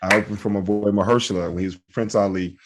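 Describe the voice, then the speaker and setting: A man with a fairly low voice co-hosts a casual podcast, spinning lively comedy anecdotes. He slips into voices for the people in his stories, with animated swings in delivery. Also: fast, noisy background. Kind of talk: casual storytelling chat.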